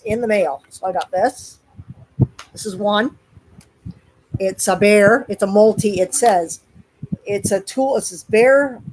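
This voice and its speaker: A woman's voice: mid-range voice, darkish tone, slight background noise, rough recording. A woman with a Canadian accent chatting casually to her viewers on a live stream, rambling and often addressing them directly. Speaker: vlogger.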